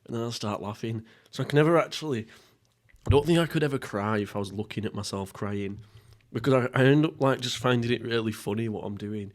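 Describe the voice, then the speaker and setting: A young man hosting a casual mukbang podcast, rambling and swearing, often laughing at himself. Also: mid-range voice. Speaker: podcast host. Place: at home, seated.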